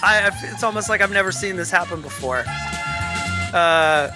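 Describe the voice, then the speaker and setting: A man's voice: high-pitched, moderate pace, music in the background. A man co-hosting a casual sports podcast, ranting with lots of restarts and stammers. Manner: animated, ranting, frequent restarts. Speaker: podcast co-host.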